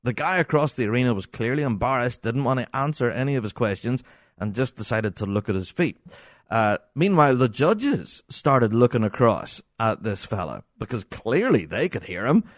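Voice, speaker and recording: Scottish man, podcast host, exasperated storytelling, lively pitch, dry close sound. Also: moderate pace, dry recording. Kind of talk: casual ranting anecdote.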